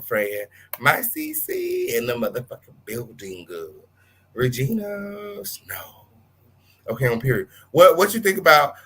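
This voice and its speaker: A man hosting a live-stream gossip show, calling out viewers with sassy, flamboyant shout-outs and big swoops in pitch. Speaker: livestream host.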